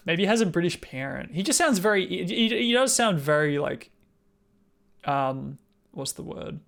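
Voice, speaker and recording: Gravelly Australian man streaming. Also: fairly high pitch, sing-song, measured pace, long pauses. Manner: chatty, swearing, thinking out loud, reacting to a video. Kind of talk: casual live-stream chat.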